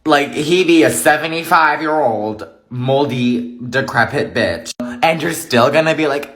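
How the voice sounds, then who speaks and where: A man's voice: on the high side, unhurried, a bit bright. A young man delivering a profane, exaggerated comedic rant monologue.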